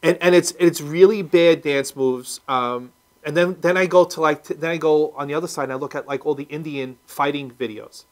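A man's voice: on the high side, fairly quick. A man hosting a casual talk show, rambling with lots of fillers and restarts. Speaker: host. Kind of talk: casual chat.

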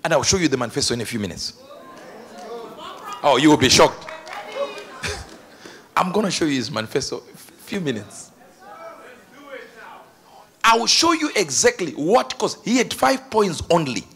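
Preacher, male, high and very lively, bright tone, laughs and shouts through the sermon. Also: moderate pace, pauses often. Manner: animated, laughing, bursts into shouts. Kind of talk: energetic sermon.

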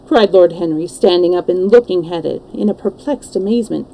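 Mellow-voiced woman reading a story aloud. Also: on the low side, brisk, vocal fry, few pauses, poor audio. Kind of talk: reading a classic novel aloud, live stream.

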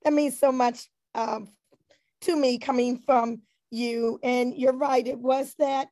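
A woman's voice: high-pitched, steady tone, slow. A woman hosting an online tribute gathering, emotional and teary as she thanks each speaker and brings the next one up. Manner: tearful, emotional, warm thanks. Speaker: host.

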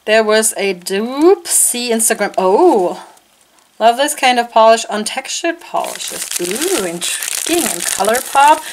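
A woman vlogger chatting casually and gushing excitedly as she unpacks a nail polish haul at home, full of fillers. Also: fairly high pitch, slow pace, slight background noise, poor audio. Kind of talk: casual unboxing haul chat.

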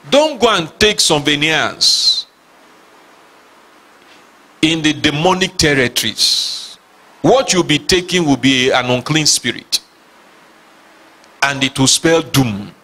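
A man's voice: a little high, pushed and bright. A man preaching a sermon as pastor, reading scripture aloud with emphasis and asking his listeners questions. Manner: reads scripture aloud dramatically.

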